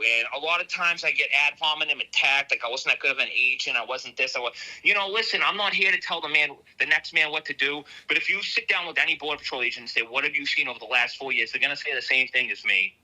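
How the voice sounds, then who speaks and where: Man, Boston accent, rapid, very bright tone, earnest, blunt caller. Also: a little high, rough recording. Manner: earnest and emphatic, working-class bluntness. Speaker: caller, border patrol agent. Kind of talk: call-in to a talk show.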